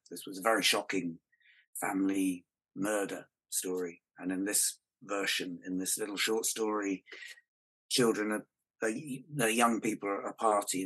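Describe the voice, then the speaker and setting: A man with a fairly low voice talks as a podcast guest. He explains fluently and informatively in a relaxed, chatty way. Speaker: guest actor. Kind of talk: casual podcast chat.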